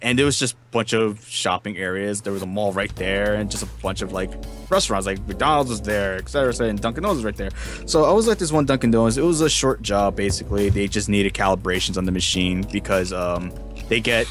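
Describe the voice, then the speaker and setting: Low voiced guy telling a work story, lots of cussing, faint music under it. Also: fast. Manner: loose, swearing, laid-back. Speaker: podcast co-host, technician. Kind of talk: casual storytelling chat.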